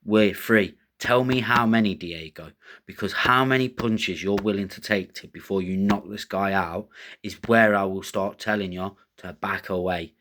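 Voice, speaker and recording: A man's voice: on the low side, fairly even intonation, moderate pace, fairly bright tone. A man giving blunt, rambling fight picks and betting tips in casual, coarse commentary. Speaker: MMA betting tipster host.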